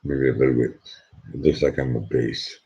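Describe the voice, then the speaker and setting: Male stream host, very deep and husky, slow, joking casual chat. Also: fairly even intonation, dull audio. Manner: joking, talks quietly at times.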